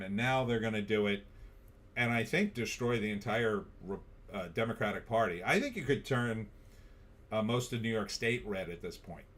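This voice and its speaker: A man's voice: fairly low pitch, fairly bright tone. A man hosting a political livestream, blunt and sarcastic, reading viewer comments aloud. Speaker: livestream host.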